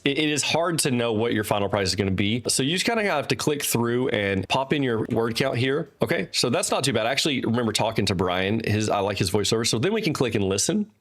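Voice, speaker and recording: A man's voice: mid-range voice, fairly bright tone. A man, an author and host, walking through a website in loose, unscripted talk at his desk. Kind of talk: casual screen-share walkthrough. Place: desk with teleprompter.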